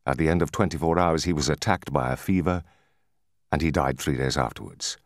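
A man's voice: extremely low pitch, brisk, no echo, studio quality. A man voicing an earnest, sorrowful young male sailor in an audiobook. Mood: grave. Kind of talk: audiobook character voice.

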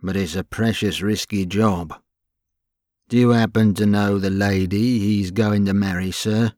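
A man's voice: lowish voice, fairly even intonation, a little slow, a little mellow, dry recording, clean studio sound, lightly acted. A man doing a wheedling hired crook. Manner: wheedling, conciliatory. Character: crafty working-class male hired thug. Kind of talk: audiobook character voice.

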